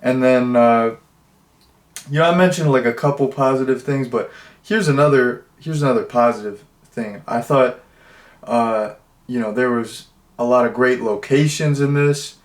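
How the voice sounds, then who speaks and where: A man giving a casual, rambling movie review, full of fillers and jokey deadpan asides. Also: mid-range voice, moderate pace, reverberant.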